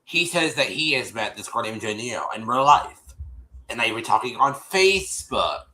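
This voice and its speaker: Very animated and sharp-toned, a man with a mid-range voice retells a TV episode to his stream viewers at normal speed. He addresses them as y'all and rambles with many restarts. The streaming setup mic produces low-quality sound.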